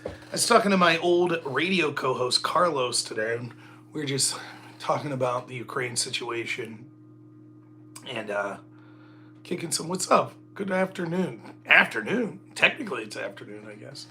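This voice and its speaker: A man's voice: mid-range voice, moderate pace, sharp tone, faint music behind. A middle-aged man hosting a casual solo livestream, rambling and joking at his own expense. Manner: joking, rambling, self-mocking. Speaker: livestream host.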